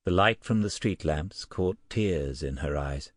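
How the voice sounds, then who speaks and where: Deep guy reading an audiobook, measured, super dry close sound. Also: no room sound. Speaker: audiobook narrator. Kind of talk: scripted narration.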